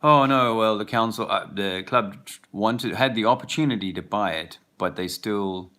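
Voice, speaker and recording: A man voicing snooty golfers in a put-on Irish accent, talking loudly on purpose to be overheard. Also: lowish voice, moderate pace, voice pushed up. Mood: pointed. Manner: loud, pointed, meant to be overheard.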